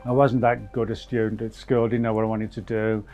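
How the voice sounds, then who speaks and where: A man's voice: lowish voice, flat delivery, fairly quick, mellow, faint music behind. A man interviewed for a documentary, talking in a modest, hesitant way. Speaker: researcher interviewee. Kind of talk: casual interview talk. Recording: dull, muffled interview audio.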